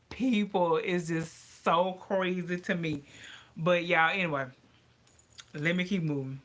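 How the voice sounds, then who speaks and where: Bright-voiced woman chatting animatedly. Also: fairly low pitch. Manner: animated, ranting, talks to viewers as y'all. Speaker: vlogger. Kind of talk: casual chat to camera.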